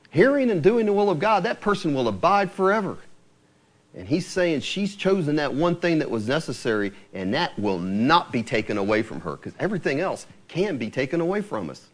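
A man preaching a sermon, quoting scripture with lively, rising emphasis. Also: fairly high pitch, a little fast.

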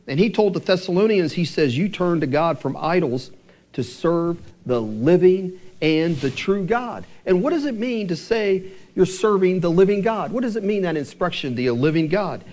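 A male pastor giving a sermon, asking the congregation rhetorical questions and slowing down for emphasis. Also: sits high, expressive, a little mellow.

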